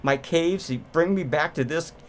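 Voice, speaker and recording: A man's voice: on the high side, natural voice. A man doing a furious cursing Yeti. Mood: indignant. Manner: cursing, drawn-out, indignant. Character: angry homesick male Yeti, big creature.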